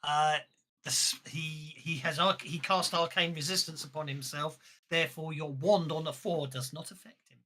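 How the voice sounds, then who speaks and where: A man's voice: on the high side, fairly even intonation, normal speed, sharp tone. A man running a tabletop role-playing game over a voice call, chatty and easygoing, explaining rules with fillers. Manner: chatty, rulings with fillers and laughs. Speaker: game master.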